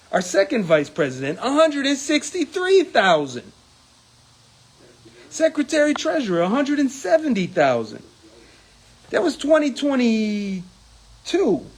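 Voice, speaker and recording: Heated union man reporting, voice leaping high. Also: husky. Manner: indignant, gets heated and rises in pitch when angry; hesitant with numbers, many ums and uhs. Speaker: union executive board member. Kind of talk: casual report to viewers.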